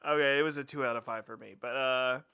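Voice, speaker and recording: A man's voice: mid-range voice, fairly even intonation, fast, sharp tone, clean tone. A man hosting a podcast in casual chat, making dry, sardonic asides about a movie. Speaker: podcast host.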